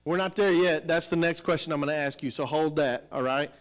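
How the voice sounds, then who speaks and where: High-voiced man leading a staff workshop. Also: brisk, soft background music, poor audio. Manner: energetic, questioning, coaxing the audience. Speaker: professional development presenter. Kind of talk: teacher training workshop.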